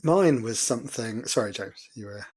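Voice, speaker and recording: A man's voice: medium pitch, animated, moderate pace, darkish tone, husky. A man co-hosting a casual podcast, rambling and self-deprecating with lots of hesitations. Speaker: podcast co-host.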